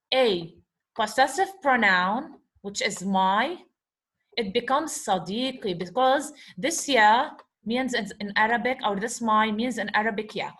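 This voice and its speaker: A woman's voice: on the high side, fairly bright tone. A woman teaching Arabic vocabulary to English speakers. She asks questions, answers them herself, repeats points, and calls her class guys. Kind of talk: explaining vocabulary from a lesson dialogue.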